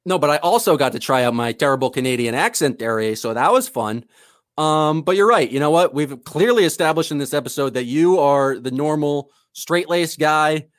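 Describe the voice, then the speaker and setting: A man co-hosting a podcast in loose, casual chat, rambling along as the self-styled goofball of the pair. His voice sits a bit high for a man. The sound is dry and close, with no room in it. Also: animated, moderate pace, no room sound. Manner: self-described eccentric goofball, rambling and enthusiastic. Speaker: podcast co-host.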